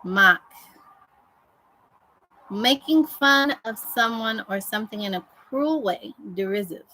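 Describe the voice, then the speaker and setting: A woman's voice: mid-range voice, expressive, unhurried, bright, forceful tone, poor audio. A woman preacher giving a devotional sermon in a fervent, conversational way, repeating phrases for emphasis.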